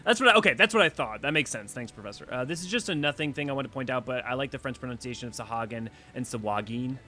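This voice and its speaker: A man's voice: medium pitch, expressive, fast, pushed and bright, soft background music. Chatty man streaming a game. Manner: chatty, rambling, many fillers and theories. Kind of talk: casual let's-play commentary.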